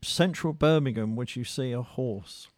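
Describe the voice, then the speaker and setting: A man's voice: mid-range voice, measured pace, dry recording, studio quality. A man from England hosting a casual radio interview, wry and dryly humorous, with a wordy way of phrasing things. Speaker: radio presenter.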